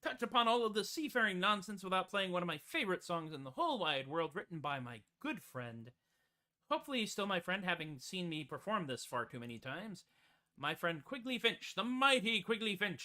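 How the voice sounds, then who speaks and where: A man's voice: high voice, sing-song, brisk, sharp tone. A man hosting his own show, chatting casually with rambling, self-mocking jokes. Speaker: host and musician. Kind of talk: casual chatty stage patter. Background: ukulele.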